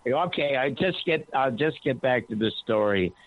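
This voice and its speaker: A man's voice: normal speed, no room sound. Guy on talk radio telling a story all worked up, voice goes way up, thin phone-line sound. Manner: excitable, voice climbing high when quoting himself. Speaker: radio talk show guest. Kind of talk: animated anecdote telling.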